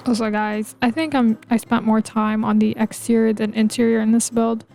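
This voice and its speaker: This woman vlogger, a video game builder, has a mellow, slightly high, gravelly voice with little pitch movement, speaking at normal speed. She rambles casually and playfully over gameplay, leaning on "like" and "you know," while faint music plays in the background.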